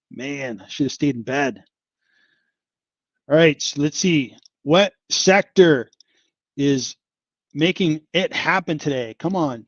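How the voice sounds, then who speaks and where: A man's voice: fairly high pitch, no room sound, dull audio. A man hosting a casual investing livestream, chatting about stocks and sighing and exclaiming over a falling market. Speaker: investing channel host.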